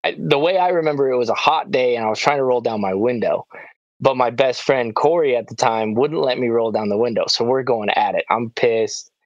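Male podcast host, excitable storyteller, dry slightly dull recording. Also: mid-range voice, brisk, no echo. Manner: animated, excitable storyteller with frequent "like" and "dude". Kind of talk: casual storytelling chat.

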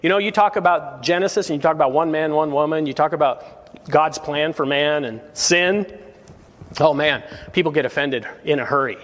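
A man preaching from a church pulpit, earnest and exhorting, his voice a touch high for a man. He breaks into short chuckles between his points. A long reverb hangs on every word in the sanctuary. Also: normal speed, fairly bright tone. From United States. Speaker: pastor. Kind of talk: sermon.

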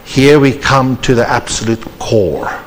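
Slow-preaching man. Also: medium pitch, animated, a little hiss or hum. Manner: earnest, measured, preacherly emphasis. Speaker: conference speaker. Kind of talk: sermon. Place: church hall. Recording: reverberant church hall.

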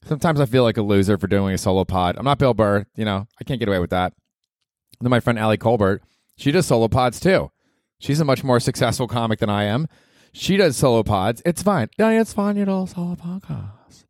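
Young male comic hosting a solo pod, lowish voice, dry close sound, rambling and self-deprecating. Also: fairly quick, no echo. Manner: self-mocking, rambling, with filler. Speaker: podcast host. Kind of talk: solo comedy podcast monologue.

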